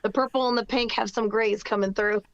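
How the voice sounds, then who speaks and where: A woman's voice: on the high side, steady tone, a little fast, no echo, muffled recording. A woman in her thirties from New Jersey, talking in a casual, upbeat interview with lots of fillers and restarts. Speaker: guest singer-songwriter.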